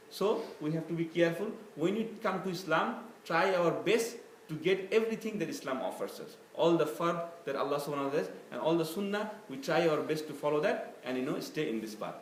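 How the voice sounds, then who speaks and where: A man's voice: on the high side, expressive, brisk, hardly any pauses. A man teaching a Quran study class in a mosque, explaining with many fillers and acted-out quotes, recorded on a phone. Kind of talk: religious lesson. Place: mosque hall. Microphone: phone camera. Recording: echoey room with faint noise.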